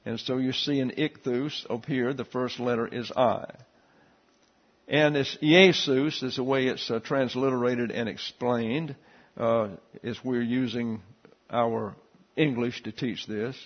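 A man teaching a Bible class, explaining Greek letters and a verse in a steady, explanatory way with frequent fillers. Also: medium pitch, unhurried, dull audio.

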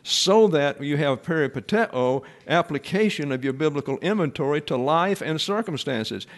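A man's voice: on the high side, lively intonation, normal speed, few pauses. A man giving a Bible class sermon, explaining terms step by step and often saying "okay". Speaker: Bible teacher.

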